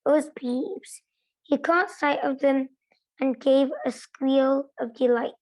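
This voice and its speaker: A woman reading a novel aloud to a club, steady and careful, with small self-corrections. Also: sits high, slow, low-quality recording. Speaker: reader.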